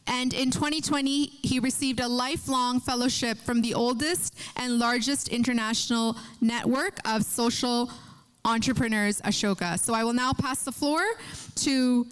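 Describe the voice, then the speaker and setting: A woman moderator reading a formal introduction of a speaker at a conference, steady with small slips. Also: on the high side, moderate pace, smooth, rough recording.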